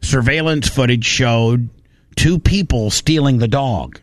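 Animated male host, dry sound. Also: mid-range voice, unhurried, dry recording. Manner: animated, retells stories with restarts. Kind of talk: casual chat reacting to videos.

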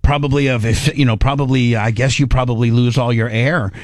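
A middle-aged man hosting a radio show, telling a rambling story in a casual, animated way on a studio microphone. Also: mid-range voice, a little fast, no room sound. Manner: animated, rambling, acts out his own inner voice.

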